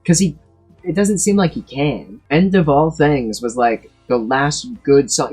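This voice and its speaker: A man's voice: medium pitch, darkish tone, slightly rough. A man in his twenties giving blunt, profane, emphatic opinions in a casual ranking monologue, full of restarts. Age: 20s. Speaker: tier list video creator.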